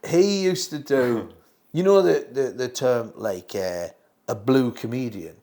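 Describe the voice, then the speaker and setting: A man, a comedian guest, chatting casually and telling stories with animated, quick asides. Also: mid-range voice. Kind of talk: casual chat.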